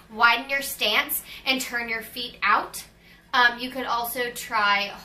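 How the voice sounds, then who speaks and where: A woman's voice: on the high side, bright, forceful tone, a little hiss or hum. A woman in her twenties chatting casually as she answers viewer questions in a vlog, with many fillers. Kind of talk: casual Q&A chat. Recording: roomy, slightly distant mic.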